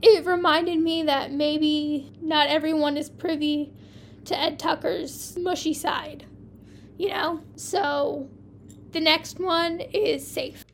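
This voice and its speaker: A woman hosting a podcast, reading her own short stories aloud in an unhurried, soft way and chatting casually about them. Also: sits high, slight background noise. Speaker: podcast host reading fan fiction.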